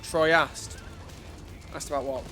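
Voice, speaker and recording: Bright, chatty game streamer man. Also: fairly high pitch, steady tone, slow. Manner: chatty, self-deprecating, talks to chat. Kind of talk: casual livestream chat. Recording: faint music behind.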